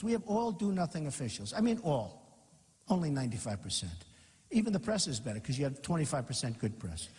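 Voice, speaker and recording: A man's voice: fairly high pitch, big pitch swings, a little fast, a little mellow. A man in his sixties giving a rambling rally speech, reading aloud and breaking off into asides. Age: 60s. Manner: rambling, reads aloud then riffs with asides. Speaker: political candidate at a campaign rally. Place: packed large auditorium with balcony. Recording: long reverb in a big hall.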